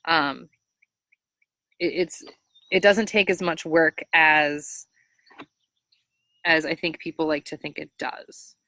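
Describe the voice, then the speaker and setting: Low-pitched bright woman giving dog-training advice. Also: slow pace, long pauses, dry recording. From Minnesota. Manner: chatty, frequent fillers, animated high-pitched voice when quoting praise to dogs. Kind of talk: casual advice Q&A.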